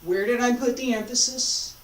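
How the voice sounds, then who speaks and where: A woman instructor leading a martial arts practice, giving calm, repeated cues and asking questions as she demonstrates. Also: a little high, moderate pace. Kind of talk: teaching while demonstrating. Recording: echoey room, voice from a distance.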